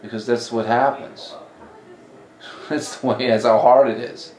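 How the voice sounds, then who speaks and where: Animated man in his forties telling stories. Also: mid-range voice, unhurried. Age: 40s. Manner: animated, acts out quoted dialogue. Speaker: comedy club talent coordinator. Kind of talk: casual interview storytelling. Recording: echoey room, mic at a distance.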